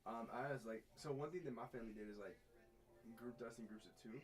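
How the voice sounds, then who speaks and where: A young man hosting a casual chat, telling stories in an animated way and laughing often. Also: mid-range voice, fast, soft background music, poor audio. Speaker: host.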